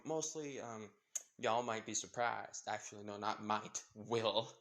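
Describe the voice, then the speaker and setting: A young man improvising a fan fiction story out loud, rambling with many fillers and self-corrections. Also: mid-range voice, measured pace.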